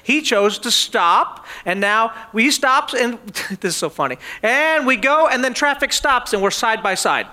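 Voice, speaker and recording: High-voiced pastor telling stories. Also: male voice, measured pace. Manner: animated storytelling, often laughing. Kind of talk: sermon.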